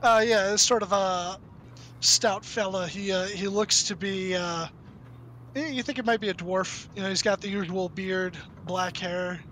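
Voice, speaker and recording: A man runs a Western tabletop game in a high, bright voice. He talks loosely, with many fillers. A faint noise sits under the recording. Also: fairly even intonation, unhurried. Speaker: game master.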